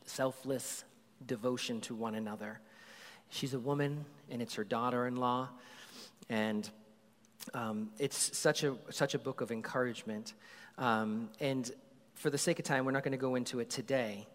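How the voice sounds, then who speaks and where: A middle-aged man preaches in a relaxed, conversational way, talking to the congregation like he's chatting with friends. His voice sits at an ordinary pitch for a man and carries a long reverb from a big hall. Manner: conversational storytelling, animated when excited. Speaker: pastor. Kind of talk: sermon.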